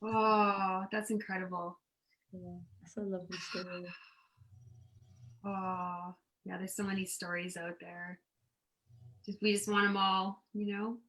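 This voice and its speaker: Bright-voiced woman hosting an interview. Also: medium pitch, little pitch movement, measured pace, pauses often, poor audio. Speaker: book club interview host. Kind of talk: casual interview chat.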